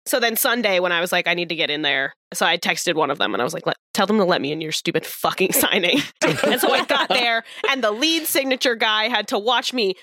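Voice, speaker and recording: Podcast co-host, woman, animated storyteller, lively pitch. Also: fairly quick, few pauses, no echo, studio quality. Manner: animated storyteller, swears, acts out dialogue. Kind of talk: casual chat.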